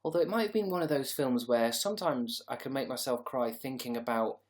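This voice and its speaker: A man's voice: medium pitch, fairly quick. A tired man hosting a casual livestream, rambling sarcastically and reading out viewer comments. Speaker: livestream host.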